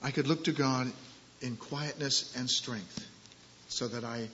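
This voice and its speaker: A man preaching a sermon and reading scripture, emphatic and slowing down on key phrases. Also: medium pitch, fairly even intonation, a bit bright, a little hiss or hum. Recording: dull lo-fi recording.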